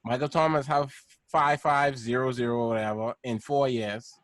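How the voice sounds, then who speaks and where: Male podcast co-host, casual sports banter, slangy and animated, dry close sound. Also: medium pitch, moderate pace, no echo. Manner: slangy, animated, laughs mid-sentence.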